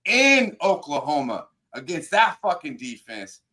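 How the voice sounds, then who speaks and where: A man co-hosting a sports radio show, arguing loudly and swearing constantly in a heated debate. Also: fairly high pitch, sing-song, unhurried. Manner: loud, profane, yelling. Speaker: co-host. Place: radio studio.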